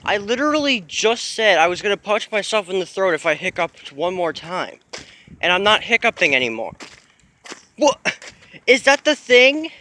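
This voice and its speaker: High-voiced young man vlogging outside in wind. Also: big pitch swings, normal speed, bright, forceful tone. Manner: incredulous, exclaiming, laughing in disbelief. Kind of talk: casual vlog talk to camera. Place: outdoors while walking, windy. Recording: windy outdoor noise.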